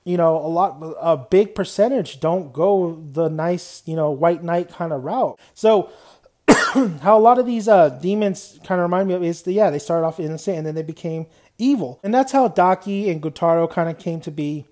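A man's voice: a little high, moderate pace, dark tone. Rambling male anime reviewer. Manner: rambling, loose, with frequent "man" and "you know". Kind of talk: casual unscripted review.

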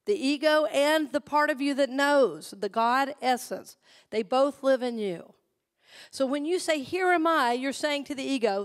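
Female minister, middle-aged, high voice, sermon with call-and-response, conversational and warm in tone of address. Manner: call-and-response, asks the congregation to repeat phrases; conversational storytelling, drops soft and low for personal anecdotes.

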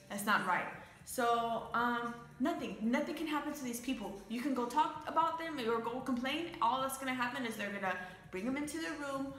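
A woman's voice: on the high side, normal speed, sharp tone, roomy sound, soft background music. An American woman, a young adult, angrily venting to her viewers about her job in a casual, swearing way. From United States. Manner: angry, profane storytelling. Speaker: vlogger.

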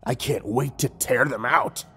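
A male narrator voicing a cruel, taunting killer in a horror story, with slow, sneering delivery. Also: medium pitch, bright, forceful tone, voice pushed up, heavily acted. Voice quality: gravelly, raspy. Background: faint music.

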